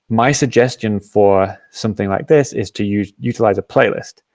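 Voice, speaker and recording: A man hosting a live app demo, patiently explaining each step and often pausing with "um". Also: on the low side, darkish tone, soft background music. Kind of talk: software demo and Q&A.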